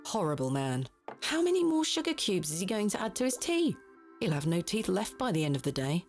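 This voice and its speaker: A woman's voice: fairly low pitch, big pitch swings, a little fast, faint music behind. An actress playing a formal, determined woman archaeologist in an adventure game. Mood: composed. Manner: formal, composed.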